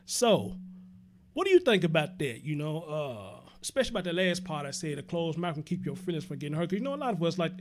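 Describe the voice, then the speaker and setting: Brief: male call-in host, high-pitched, blunt, profane. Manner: blunt, profane, laughs loudly. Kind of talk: casual call-in radio talk.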